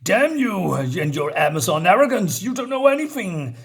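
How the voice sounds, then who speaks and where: A man's voice: fairly high pitch, lively intonation, a little fast, natural voice. A man voicing an angry, righteous male superhero, reading his comic-book lines aloud with emphasis.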